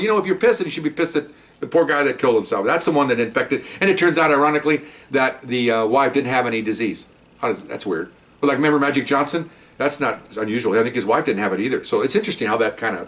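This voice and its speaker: A man's voice: medium pitch, a bit bright, recorded from a distance. A man, a former police officer, telling a story in a casual monologue, acting out the other people's lines with a raised voice.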